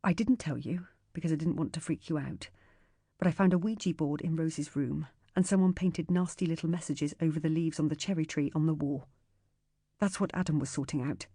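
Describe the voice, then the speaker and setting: A woman narrating a thriller audiobook in the first person, measured and tense. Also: sits low, mellow, husky, dry recording, clean studio sound.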